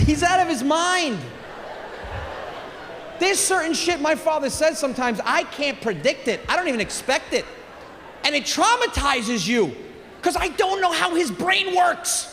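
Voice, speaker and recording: A young man doing a stand-up comedy set on a theater stage, telling brash stories with animated punchlines on a handheld mic. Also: very high-pitched, a little slow. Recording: stage mic in a hall with long reverb, faint noise.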